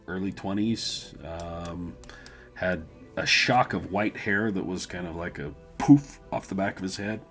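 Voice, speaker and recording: A man narrating a tabletop game as game master, relaxed and often laughing as he describes scenes. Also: deep voice, measured pace, faint music behind.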